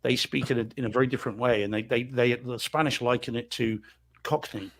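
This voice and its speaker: A man's voice: mid-range voice, steady tone, a little fast, fairly bright tone. A man from New Zealand with a New Zealand accent, co-hosting a live podcast in easygoing, wry casual chat and explaining at length. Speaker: podcast co-host.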